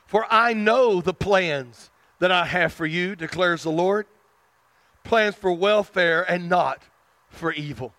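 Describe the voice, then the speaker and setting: A man from South Arkansas with a Southern accent, preaching a sermon and swinging between loud fervent stretches and hushed tender ones. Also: sits high, slow, no room sound. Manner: chuckles at his own asides.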